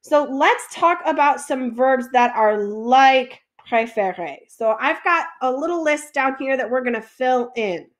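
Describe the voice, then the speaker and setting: A woman teaching a French lesson, patiently asking questions and then answering them herself. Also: sits high. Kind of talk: classroom lesson explanation.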